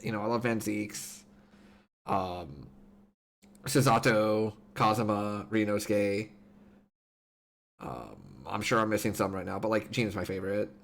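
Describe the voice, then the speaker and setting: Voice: low-pitched, fairly even intonation, a little slow, creaky, pauses often. A streamer playing a game live, talking fondly and emotionally about the characters, tearful at times. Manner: emotional, giggly, fond of the characters. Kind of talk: live game commentary and reading dialogue aloud.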